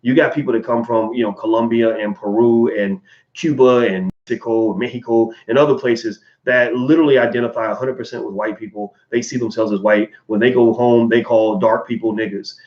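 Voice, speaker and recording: A man's voice: mid-range voice, fairly even intonation, fairly quick, darkish tone. A man hosting a livestream, answering viewer donations in casual, candid commentary with many fillers and restarts. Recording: roomy, dull lo-fi sound.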